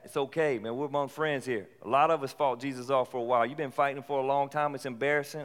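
Conversational male pastor in a reverberant hall. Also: mid-range voice. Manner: conversational, rising to animated bursts. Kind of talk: sermon.

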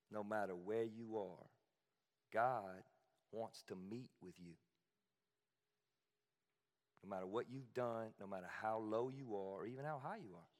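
A man's voice: on the low side, long reverb tail. A male pastor preaching a sermon in a conversational, emphatic way, with asides and repeated phrases.

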